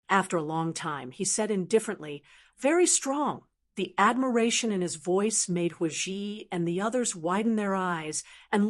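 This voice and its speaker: A woman reads a fantasy audiobook aloud in a steady, even narration. Her voice sits at a plain middle pitch and keeps an unhurried storytelling flow. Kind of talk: scripted narration.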